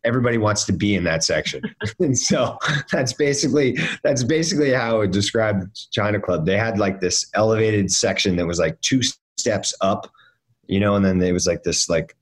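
Low-voiced man telling stories haltingly. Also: expressive. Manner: halting, many fillers and restarts. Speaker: actor guest. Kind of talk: casual interview storytelling.

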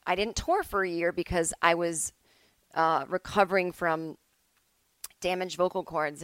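A woman's voice: on the low side, a bit bright, smooth, no echo, rough recording. A woman hosting her own podcast from home, talking in a loose, rambling way that often breaks off mid-thought. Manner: rambling, chatty, self-interrupting. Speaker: podcast host. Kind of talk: casual solo podcast monologue.

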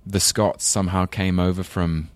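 Deep-voiced Englishman with a London accent. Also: level tone, no echo. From England. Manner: rambling, self-deprecating, quick to laugh. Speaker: guest actor. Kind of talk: casual chat.

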